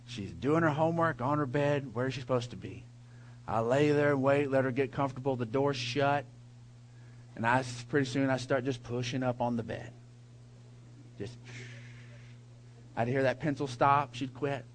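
A middle-aged man preaching a sermon, telling a lively personal story before building to emphatic preaching. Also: mid-range voice, normal speed, long pauses, slight background noise, poor audio. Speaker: pastor.

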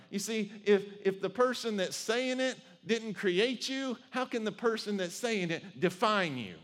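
A male pastor preaching a sermon, telling the story with animated, conversational energy. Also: high-pitched, normal speed, hardly any pauses.

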